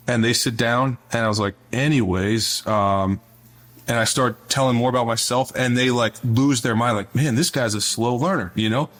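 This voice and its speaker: A man's voice: medium pitch, a bit bright. Middle-aged guy in an interview, earnest storytelling, restarts a lot, faint music behind. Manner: earnest, conversational, repeats words when starting a thought. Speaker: guest, former Navy SEAL officer.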